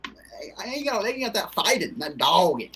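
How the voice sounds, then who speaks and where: A man co-commentating in casual sports chat with joking, animated banter. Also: high voice, brisk.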